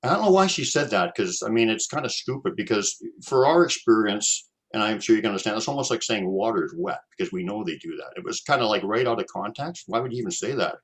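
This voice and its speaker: Rambling Canadian man with a low, lively voice. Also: quick pace, hardly any pauses. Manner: rambling, repeats words, many fillers, acts out sounds. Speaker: podcast host telling a personal story. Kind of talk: casual storytelling chat.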